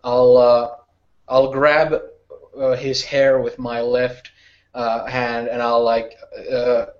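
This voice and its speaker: A man playing a tabletop role-playing game, halting with many fillers. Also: mid-range voice, level tone, darkish tone, muffled recording. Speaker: player.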